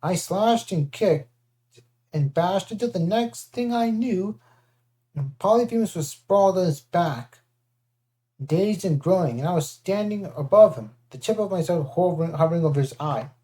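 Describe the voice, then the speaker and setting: Mellow-voiced first-person audiobook narrator. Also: medium pitch, normal speed. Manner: lively, with character voices.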